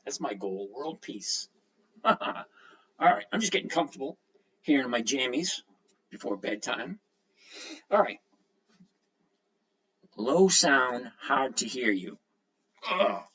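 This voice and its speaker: A man's voice: mid-range voice, a bit bright, muffled recording. A man hosting a casual livestream from home, greeting viewers by name and reading their comments aloud. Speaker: livestream host.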